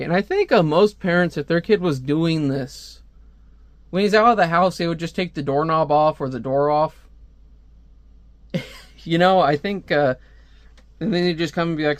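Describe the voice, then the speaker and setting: A man's voice: a little high, normal speed, long pauses, no room sound. A man reviewing a comic book in a casual, jokey way, reading panels aloud and laughing at them. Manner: jokey, giggly, jumps into character voices. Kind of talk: casual comic read-aloud with silly voices.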